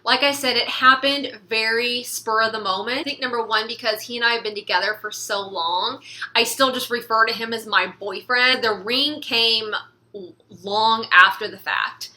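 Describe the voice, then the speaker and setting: A woman's voice: on the high side, steady tone, normal speed, sharp tone. A young woman vlogging in a casual, rambling chat to camera, laughing often and filling with "like". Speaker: beauty vlogger.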